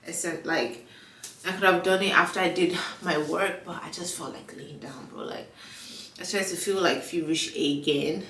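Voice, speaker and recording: A woman's voice: fairly low pitch, normal speed, a bit bright, far from the mic, slight background noise. A young woman vlogging in a casual chat with a stuffy nose and a frog in her throat, full of fillers and acted-out dialogue. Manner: chatty, lots of fillers, acts out quoted dialogue. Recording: echoey room, away from the mic.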